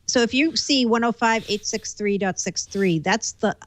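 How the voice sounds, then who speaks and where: A woman's voice: on the high side, moderate pace. A woman co-hosting a tech podcast, giving news updates in a matter-of-fact, informative way. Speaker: podcast co-host, tech reporter. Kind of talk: casual tech chat.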